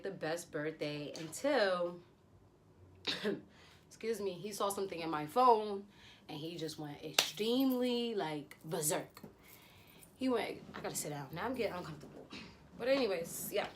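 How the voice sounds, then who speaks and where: A woman's voice: lowish voice, a little hiss or hum. A young woman vlogger chatting animatedly through a storytime, acting out quotes. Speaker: beauty vlogger. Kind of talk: storytime vlog.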